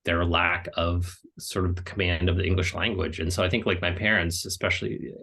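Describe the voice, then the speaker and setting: A man with a very deep voice talks on a video call. He is from the United States and answers as a guest author. He rambles casually, filling his sentences with "like" and short laughs. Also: flat delivery, gravelly, pushed and bright, husky. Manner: rambling, heavy use of "like", quick laughs. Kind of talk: casual answers to a book club.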